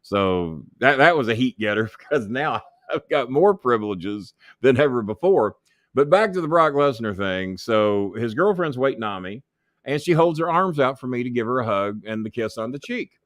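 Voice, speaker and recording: In a clean, dry studio recording, an ex-wrestling manager tells backstage tales during an interview, swearing often and doing voices for those he quotes. His mid-range voice is expressive and a bit bright, at a moderate pace.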